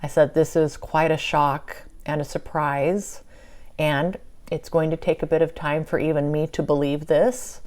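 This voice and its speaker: A middle-aged woman recounting a spiritual channeling session in a casual, animated monologue full of quoted dialogue. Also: low-pitched, measured pace. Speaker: channeler and vlogger.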